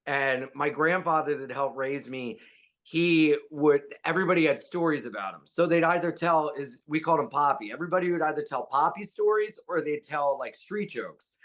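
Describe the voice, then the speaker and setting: A man being interviewed as a stand-up comedian, telling stories and jokes casually and jumping into high voices when he quotes people. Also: normal speed, a bit bright.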